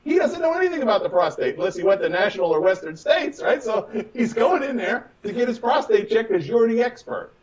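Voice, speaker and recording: A man talks business coaching with real emphasis, jumping into quick little voices for patients and doctors. His pitch sits a bit high and swings widely. He sounds set back from the mic, with a dull, muffled tone. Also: big pitch swings, recorded from a distance. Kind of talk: animated conversational advice.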